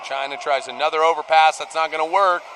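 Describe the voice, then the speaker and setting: High-voiced guy calling water polo live, gets loud on big plays, noisy arena feed. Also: fast talker. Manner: excitable, rises to shouts on big plays. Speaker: play-by-play commentator. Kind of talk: live sports commentary. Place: poolside at an indoor arena.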